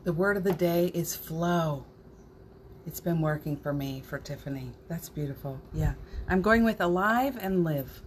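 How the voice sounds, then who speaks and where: Slow, tender woman hosting a morning stream. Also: low-pitched, a little hiss or hum. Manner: warm, emotional, laughs and tears up. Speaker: host of a morning spiritual livestream. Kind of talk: casual spiritual chat reading viewer comments.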